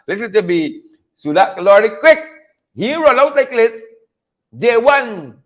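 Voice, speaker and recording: Very high-voiced Guyanese man riffing. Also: lively intonation, slow. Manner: repetitive, chuckling, calls out viewers by name. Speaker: host of a political commentary show. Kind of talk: casual live commentary reading viewer names.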